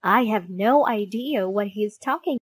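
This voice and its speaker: A woman narrating a children's storybook in an expressive, animated read-aloud manner. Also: mid-range voice, a little slow, slightly rough, dry recording. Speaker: storybook reader.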